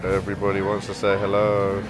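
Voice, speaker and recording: A man's voice: low-pitched, completely flat delivery, a little fast, a crowd in the background. A British man chatting in a casual vlog, easygoing and amused. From Britain.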